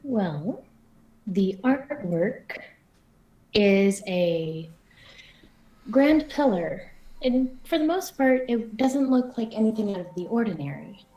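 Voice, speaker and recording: A woman slowly narrating an eerie scene for a tabletop game. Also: medium pitch, animated, mellow, dull audio. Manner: slow, eerie scene-setting.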